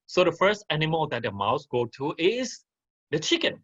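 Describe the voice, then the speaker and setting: A man's voice: on the high side, big pitch swings, normal speed, fairly bright tone, highs cut off. A man teaching an online class, telling a farmyard story and asking his listeners questions as he goes. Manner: interactive, asks the audience questions.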